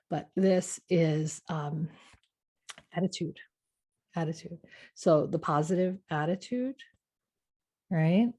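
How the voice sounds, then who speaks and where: Low, mellow-voiced woman host. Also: slightly rough. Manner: repetitive, asks "right?" often. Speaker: podcast host. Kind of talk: motivational talk.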